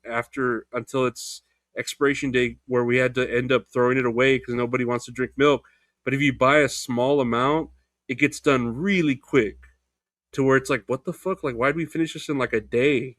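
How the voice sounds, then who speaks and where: Young guy rambling and cursing on his solo podcast, mid-pitched voice, dead dry close mic. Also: fairly even intonation, moderate pace, a bit bright, dry recording. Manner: rambling, profane, loose and unfiltered. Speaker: podcast host. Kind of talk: casual solo podcast chat.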